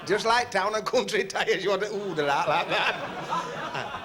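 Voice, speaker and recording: A man's voice: sits high, lively intonation, takes it slowly, long pauses. A man doing club stand-up comedy, chatting and teasing the audience and laughing at his own jokes. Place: working men's club stage on TV. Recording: noisy 1970s TV recording, laughing club crowd.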